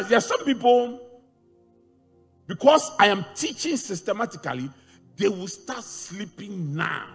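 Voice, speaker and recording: Animated preacher in a reverberant church. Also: male voice, high-pitched, slightly rough. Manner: animated preaching, rising to shouts. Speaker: pastor. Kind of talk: sermon. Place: large church hall. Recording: church hall reverb with faint music.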